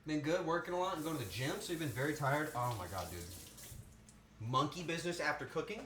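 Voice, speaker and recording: Playful male streamer, cooking and chatting, animated delivery, a bit high, echoey home kitchen. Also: fast. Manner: playful, chatty, answers chat aloud. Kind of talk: casual cooking stream chat. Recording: roomy kitchen with faint noise.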